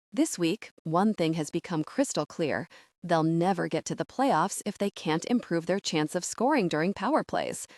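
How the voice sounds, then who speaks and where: In a lowish voice, a woman narrates a first-person romance audiobook, telling the story in an expressive, conversational way. She's recorded on a close studio mic with no room sound.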